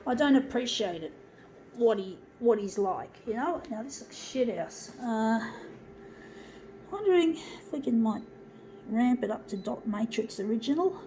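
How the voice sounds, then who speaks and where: A woman's voice: on the high side, darkish tone, slight background noise, low-quality recording. A woman ranting angrily to her viewers as a vlogger, swearing heavily and calling them folks. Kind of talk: angry personal rant to viewers.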